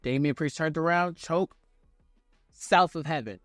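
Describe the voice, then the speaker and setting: A man's voice: on the high side, unhurried, fairly bright tone, dry recording, clean studio sound, soft background music. A young man giving a casual, profane, slang-filled review of a wrestling event as the channel's host.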